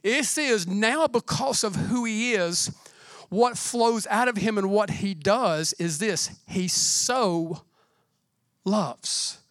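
A man, a pastor, preaching a sermon with lively calls to the congregation and emphatic repetition. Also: high voice, takes it slowly, no room sound, studio quality.

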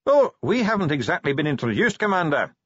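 A man's voice: on the high side, sing-song, moderate pace, fairly bright tone, slightly rough, dry recording, dull audio, pitched above the performer's own voice, full character voice. A man voicing a cheerful, polite and shrewd male dwarf who speaks diplomatically.

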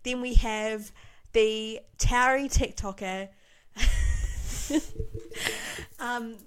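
A young woman co-hosting a casual chat, talking fast with giggles and lots of fillers. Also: fairly high pitch. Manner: chatty, giggly, fast bursts. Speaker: podcast co-host.

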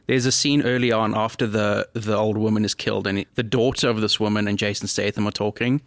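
A man's voice: fairly low pitch, fairly even intonation, no room sound, studio quality. A man co-hosting a casual podcast chat, joking as he talks. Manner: fast-talking, joking. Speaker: podcast co-host.

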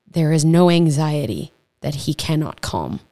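Low-voiced lady doing a chill faith podcast, earnest, kinda rambly, trips over words. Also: sing-song, unhurried, warm tone. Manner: chatty and earnest, with stumbles and asides. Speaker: podcast host. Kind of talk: casual faith podcast teaching. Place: home podcast setup.

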